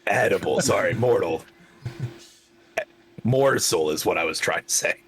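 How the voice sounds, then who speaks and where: A man's voice: deep voice, lively intonation, slow pace, fairly bright tone. A man playing a tabletop game over a video call, chatting casually and rambling with filler words. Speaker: player.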